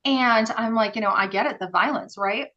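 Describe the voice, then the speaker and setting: A woman guest on a podcast, telling stories in a casual, animated way with many fillers and acted-out dialogue. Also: a little high, moderate pace, highs cut off. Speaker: podcast guest, former group home worker. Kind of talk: casual interview storytelling.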